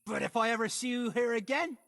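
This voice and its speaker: Irritable game thug, high bright voice, profane threats. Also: male voice, fast talker, gravelly, full character voice. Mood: exasperated. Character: threatening street thug at night, male adult, short-tempered. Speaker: game character.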